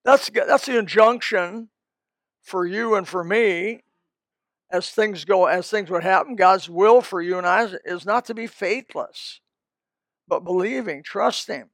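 High-voiced folksy preacher man. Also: a little slow, a bit bright, no echo. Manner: folksy, rambling, with asides and restarts. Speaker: pastor. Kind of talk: sermon.

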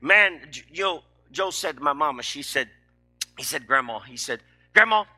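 A man's voice: on the high side, lively intonation, normal speed, pushed and bright. A middle-aged man, preaching a sermon in a folksy, emphatic, joking way.

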